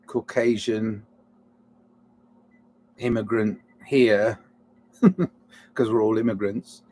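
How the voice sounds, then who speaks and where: A man's voice: mid-range voice, mellow, a little hiss or hum. A man giving a rambling, reflective solo monologue, often restarting mid-thought, flaring up and then apologizing with self-mocking asides. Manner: digressive, restarts mid-thought, swings between musing and heated outbursts. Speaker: solo podcaster.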